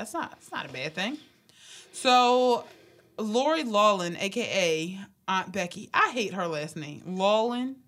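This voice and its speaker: A woman in her late twenties co-hosting a podcast in casual chat, animated, laughing often and swearing freely. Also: medium pitch. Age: late 20s. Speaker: podcast co-host.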